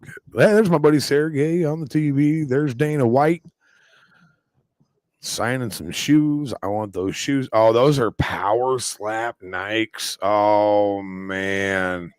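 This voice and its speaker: A man hosting a live stream, reacting to fights with rambling, excitable commentary. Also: medium pitch, clear, resonant tone, no room sound. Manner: excitable, rambling, quick exclamations.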